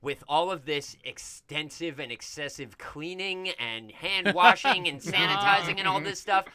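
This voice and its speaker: A man co-hosting a comedy talk show, introducing guests like a loud, playful showman. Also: high-pitched, expressive, unhurried, a crowd in the background. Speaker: co-host. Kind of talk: energetic comedy podcast banter.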